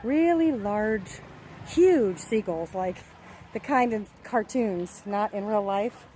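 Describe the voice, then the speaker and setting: A woman's voice: mid-range voice, expressive, takes it slowly, warm tone, a little hiss or hum, low-quality recording. A woman from the United States, chatting cheerfully to viewers as she films a travel vlog outdoors. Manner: chatty, upbeat, speaks to viewers. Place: outdoors by the sea.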